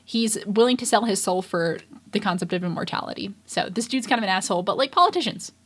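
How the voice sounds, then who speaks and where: A woman's voice: medium pitch, expressive, fast talker, husky. A young woman co-hosting a podcast, recapping an anime episode in a rambling, casual way with lots of fillers and restarts. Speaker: podcast co-host. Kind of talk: casual anime reaction chat.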